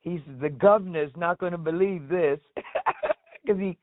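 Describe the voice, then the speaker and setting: A woman tells her story in a lively, chatty way, slipping into the voices of the people she quotes. The sound is thin and phone-like. It is also dry, with no room around her. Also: on the low side, unhurried, no echo. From United States. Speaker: guest, singer. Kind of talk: casual storytelling interview. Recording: tinny phone-like line, dry.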